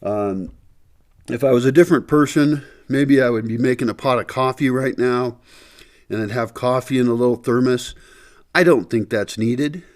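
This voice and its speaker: A man's voice: medium pitch, moderate pace. A man talking casually to his camera in a vlog, rambling and thinking aloud with many fillers, his speech a little muffled by a candy in his mouth. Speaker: vlogger. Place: house indoors before dawn.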